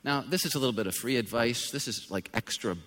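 Man preaching in a reverberant hall. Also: fast talker. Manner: conversational preaching that swells into loud, high-pitched emphasis. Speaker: pastor. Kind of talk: sermon. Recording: long reverb of a large hall.

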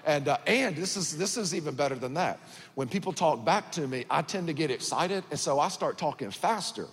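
A man's voice: fairly high pitch, moderate pace, a bit bright, slight background noise. A man in his thirties from Georgia with a Southern US accent, preaching as a guest pastor in a folksy, joking, conversational way. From Georgia, USA. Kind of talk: sermon. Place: large church auditorium. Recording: church hall reverb.

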